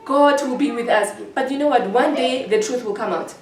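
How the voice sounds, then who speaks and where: A woman's voice: sits high, moderate pace, roomy sound, recorded from a distance, slight background noise. A woman giving an emotional personal account in an interview, hurt and indignant, often repeating herself.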